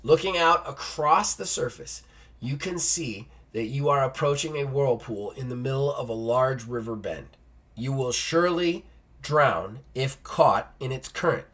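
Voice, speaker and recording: A man with a bright, forward voice reads a gamebook aloud as host of a solo play-through. He breaks off now and then for loose, joking asides. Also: mid-range voice, measured pace. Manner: reads text then jokes in casual asides.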